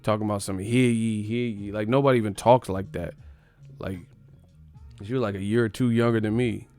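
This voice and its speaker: Profane storyteller, gravelly voice. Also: male voice, fairly low pitch, fairly quick, soft background music. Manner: profane, emphatic, animated. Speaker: boxing livestream host. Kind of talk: casual storytelling on a livestream.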